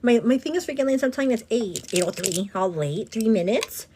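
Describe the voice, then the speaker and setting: A woman with a slightly high voice, chatting away as she tells a story in a casual get-ready-with-me vlog. She rambles, fills her talk with "like" and "girl", and now and then slips into Spanish. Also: animated, quick pace, dark tone, a little hiss or hum. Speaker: vlogger and host.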